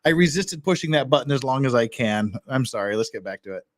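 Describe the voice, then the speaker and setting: A man casually commenting on a hearing video, chatty and full of quick asides. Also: medium pitch, expressive, faint music behind.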